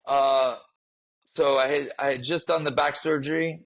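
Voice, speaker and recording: A man's voice: medium pitch, steady tone, moderate pace, low-quality recording. A man telling a personal story in a podcast interview, earnest and emotional, often repeating himself. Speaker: guest, fitness trainer.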